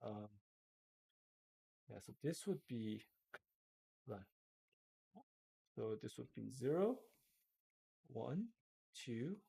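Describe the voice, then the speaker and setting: A man's voice: mid-range voice, vocal fry, a little mellow. Hiccuping man talking through math. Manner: thinks aloud while working problems, self-correcting. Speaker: math teacher. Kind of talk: screen-recorded math lesson.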